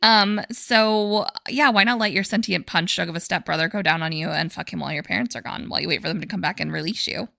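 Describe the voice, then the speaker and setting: A woman's voice: on the low side, fast, gravelly, few pauses, bright, forceful tone. A woman hosting a book club podcast, recapping a novel in a chatty way and using lots of filler words. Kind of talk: casual chat, recapping a novel.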